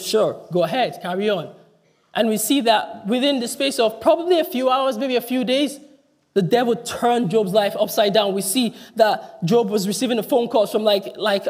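A man with a high voice preaches earnestly, restarting phrases as he goes. His words trail into a long church reverb. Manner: earnest, restarts often, voice drops low on quoted cries. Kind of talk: sermon. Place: church hall.

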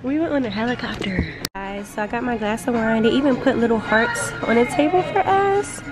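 A woman's voice: fairly high pitch, lively intonation, fairly quick. Chatty young woman vlogging at dinner. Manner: playful, chatty, swears casually. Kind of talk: casual vlog chat. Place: restaurant. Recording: loud music in restaurant. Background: music.

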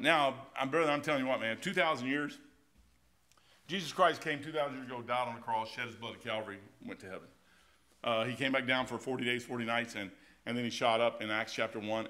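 A middle-aged man, preaching a sermon in a folksy, animated way, swinging between loud swells and quiet drops. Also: mid-range voice. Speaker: pastor.

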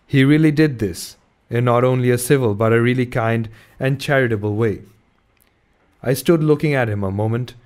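A man reads a classic novel aloud in a measured, steady way and makes small slips now and then. His voice sits at an ordinary middle pitch. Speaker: audiobook reader.

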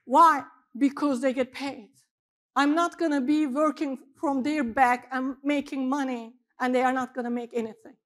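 Preaching at a moderate pace, a middle-aged female pastor tells her sermon like a lively story, her voice sitting high as it moves from forceful emphasis to hushed asides.

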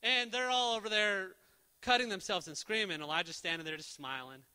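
A young preacher with a high, very bright, smooth voice delivers a casual, jokey sermon, telling Bible stories with animated energy and slipping into quick character voices. The long reverb of a church hall rings around him.

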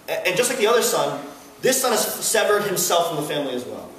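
Man, young adult, sermon, higher voice, earnest and emphatic, distant mic, big echoey hall. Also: very animated, fast, a bit bright, slight background noise. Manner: earnest, builds to emphatic peaks, acts out a screaming son. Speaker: campus fellowship speaker. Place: large hall at a student gathering. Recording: echoey hall recorded from afar.

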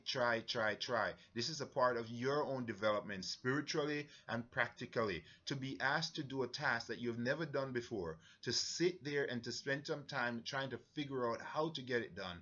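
A man with a Jamaican accent, leading a church mission-trip briefing in an earnest, halting way with many fillers. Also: mid-range voice, pushed and bright, dull audio.

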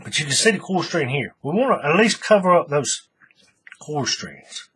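A man's voice: fairly high pitch, very animated, moderate pace, sharp tone, breathy edge. A man hosting a casual craft tutorial, thinking aloud as he works and often restarting his sentences. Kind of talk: casual how-to demonstration.

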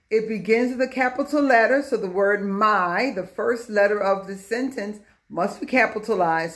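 Slow, patient woman teaching kids. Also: medium pitch. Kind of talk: children's lesson.

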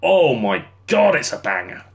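A man's voice: mid-range voice, big pitch swings, a little slow. A young man streaming a game, chatting with viewers while he builds and laughing easily. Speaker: livestreamer. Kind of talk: casual gameplay commentary.

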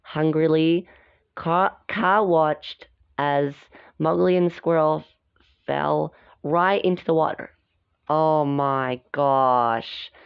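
A woman's voice: low-pitched, slow pace, vocal fry, smooth, dry recording. A woman casually reading a storybook aloud, stopping to chat and comment on the pictures. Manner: chatty, stops to comment on the pictures. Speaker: storybook reader. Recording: dull, dry lo-fi recording.

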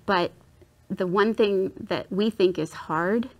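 Woman w a gravelly fry-ish voice, earnest heartfelt faith talk on a panel. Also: medium pitch, slow. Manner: earnest, heartfelt personal testimony. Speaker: discussion panelist. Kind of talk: Christian talk-show discussion.

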